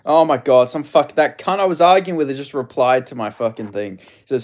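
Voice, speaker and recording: A man's voice: medium pitch, fairly quick, few pauses. A man, ranting and swearing indignantly as he hosts a live watch-along stream. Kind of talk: live stream reaction commentary.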